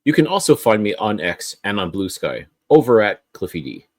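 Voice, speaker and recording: A man co-hosting a casual sports podcast, with wry, deadpan asides. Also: on the low side, normal speed, no room sound, clean studio sound. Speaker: podcast co-host.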